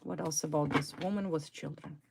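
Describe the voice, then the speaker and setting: A woman with a low-pitched voice gives a tarot card reading for her viewers. She speaks with emphatic indignation and keeps repeating her key words for weight. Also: fairly even intonation, fairly quick, vocal fry, heavy background noise. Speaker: tarot reader.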